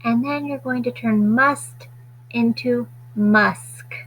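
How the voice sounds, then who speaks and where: A woman teaching a phonics lesson to children, stretching out sounds slowly and deliberately. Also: fairly high pitch, fairly bright tone, a little hiss or hum, rough recording.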